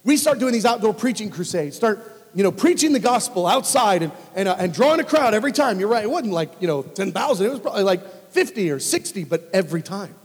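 A man preaching a storytelling sermon in an animated way, acting out conversations. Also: sits high, quick pace, slightly rough. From United States. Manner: animated, acts out dialogue in lively voices. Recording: long reverb of a large hall.

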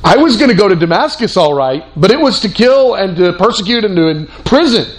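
A man preaching a sermon in an animated, conversational way, with fillers and restarts. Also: high voice, fairly quick.

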